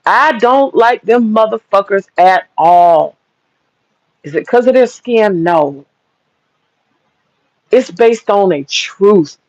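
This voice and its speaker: A woman's voice: mid-range voice, animated, slow pace, pauses often, darkish tone, dry recording. A woman holds forth on her livestream in a blunt, profane, heated rant. She hits her points hard. The audio is dull, lo-fi and dry. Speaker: livestream host.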